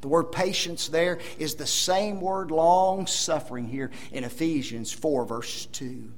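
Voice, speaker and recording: A male preacher delivering a sermon, emphatic, firing rhetorical questions at the congregation and swinging between loud emphasis and hushed asides. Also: fairly high pitch, a little slow, hardly any pauses.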